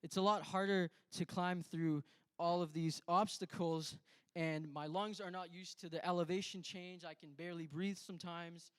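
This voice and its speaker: A man's voice: high-pitched, fairly even intonation, moderate pace, clear, resonant tone, no room sound. A young man from Canada giving a conversational testimony at a church, telling a story with quoted self-talk and frequent restarts. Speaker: church speaker.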